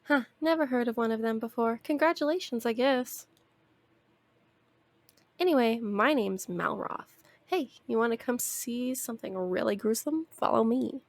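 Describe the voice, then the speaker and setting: A woman's voice: fairly high pitch, moderate pace, no echo, natural voice. A woman reading as a brash, morbid young man. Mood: teasing. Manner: reading game dialogue aloud, teasing. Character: brash young male companion, blunt and morbid. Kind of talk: reading game text aloud on a stream.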